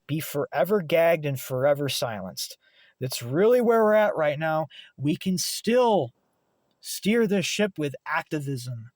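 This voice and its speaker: An American man on his channel delivers a fired-up, profanity-laced sermon of a rant, jumping from loud shouts to low, grumbling asides. His voice sits a bit high for a man. The sound is close and dry, with almost no room echo. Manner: profane, preachy, swings between shouting and muttering. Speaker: channel host. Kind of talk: impassioned political rant.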